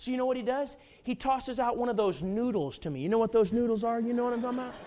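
A man preaching a sermon, telling a folksy, humorous personal story in an animated way. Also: very high voice, fast.

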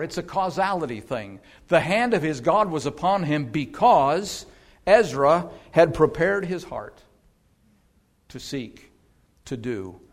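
This male preacher's voice sits on the high side. In his sermon he leans hard on individual words, poses rhetorical questions, and eases his pace to read passages of scripture.

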